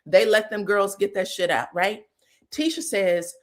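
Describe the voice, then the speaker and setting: A woman hosting a casual reality TV recap, animated and profane, acting out quotes with loud outbursts and laughter. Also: mid-range voice, a little slow.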